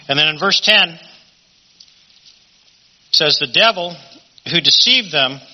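A man teaching a Bible study in a conversational sermon style, often asking rhetorical questions. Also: a little high. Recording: dull lo-fi recording.

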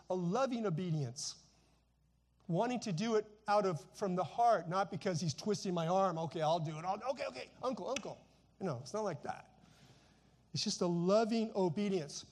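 High-voiced middle-aged pastor. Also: male voice, a little mellow. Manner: informal, repeats phrases for emphasis, frequent "you know" asides; preaching while seated. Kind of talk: conversational sermon.

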